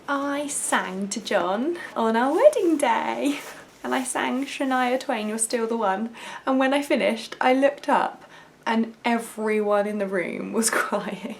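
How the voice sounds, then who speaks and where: A woman's voice: mid-range voice, gravelly, slight background noise. A young woman vlogger chatting to camera, self-mocking and laughing often. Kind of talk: casual chat to camera.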